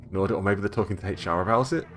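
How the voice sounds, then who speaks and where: A man's voice: fairly low pitch, racing, slight background noise. Wry man doing game commentary. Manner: wry, reading aloud with sarcastic asides. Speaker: gaming video host. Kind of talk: let's play commentary.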